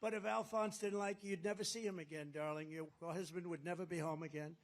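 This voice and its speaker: A man speaks to a rally crowd, his voice sitting rather high for a man. He rambles and boasts, circling back to the same phrases again and again. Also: fairly even intonation, fast talker. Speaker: political candidate. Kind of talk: campaign rally speech. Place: rally at a golf resort.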